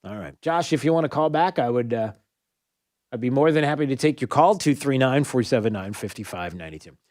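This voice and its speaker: A man hosting a talk radio show, giving animated, sarcastic commentary and often laughing at his own remarks, on a studio microphone. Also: medium pitch, a little fast, no room sound.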